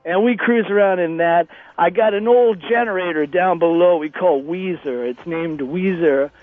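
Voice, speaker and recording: A man's voice: high-pitched, normal speed, no echo, faint music behind. A man calling in to a radio show, rambling in an overly familiar, folksy way over a phone line. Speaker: caller.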